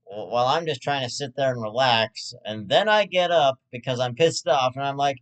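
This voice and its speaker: Guy going off on a sweary rambling rant, keeps tripping over his words and starting over, normal mid-pitch voice. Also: expressive, normal speed. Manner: profane, rambling, with frequent restarts. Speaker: host of his own web show.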